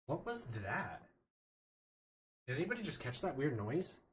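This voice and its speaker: A man's voice: a little high, sing-song, normal speed, slightly rough. A man chatting casually while playing a game, rambling from one story to the next and laughing often. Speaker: streamer. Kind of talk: casual gaming chat.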